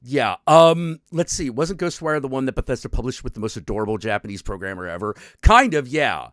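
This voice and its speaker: Lively guy host rambling through a game story, swears a lot, very dry close sound. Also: medium pitch, a little fast, no echo. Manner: animated storytelling, frequent swearing and restarts. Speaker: stream show host. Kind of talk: casual chat, retelling a video game.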